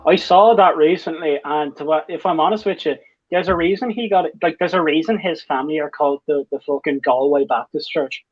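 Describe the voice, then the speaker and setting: A man's voice: fairly high pitch, brisk, no room sound. A man, rambling and swearing in casual chat with friends on a call. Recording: muffled lo-fi audio.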